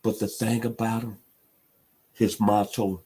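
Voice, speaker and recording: A middle-aged man from Memphis holds forth on sports talk radio. His voice sits on the low side and carries a husky grain. He talks with emphatic passion, pushing his key points into loud peaks. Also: lively intonation, normal speed. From Memphis, Tennessee.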